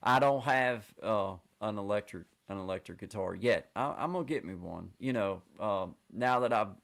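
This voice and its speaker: A man's voice: fairly low pitch, normal speed, creaky, a bit bright. A man hosting a livestream from a room at home, chatting in a laid-back, friendly way on a computer mic. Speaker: livestream host. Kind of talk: casual chat. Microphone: computer mic on a streaming call.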